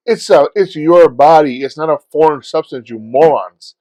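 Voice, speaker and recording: Profane, animated man telling stories. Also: fairly high pitch, moderate pace, no room sound. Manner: profane, animated storytelling with shouted re-enactments. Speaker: podcast co-host. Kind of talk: casual chat.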